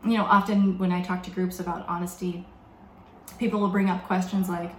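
A woman preaching a sermon in a reflective, measured way, slowing down to stress key words. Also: lowish voice, level tone, a little hiss or hum. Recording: echoey room with faint background ambience.

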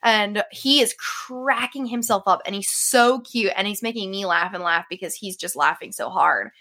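A woman co-hosting a podcast, giggly and animated as she tells stories in casual chat. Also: mid-range voice, moderate pace. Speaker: podcast co-host.

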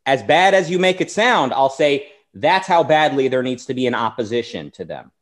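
A man's voice: medium pitch, expressive, moderate pace. A man hosting a talk show, delivering an argumentative political monologue and acting out the people he quotes. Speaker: show host.

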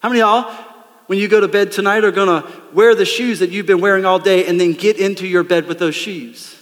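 A man preaching a lively, conversational sermon from a church stage, calling out to the congregation. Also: high voice, fairly quick, big-room sound. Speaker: pastor. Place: church sanctuary.

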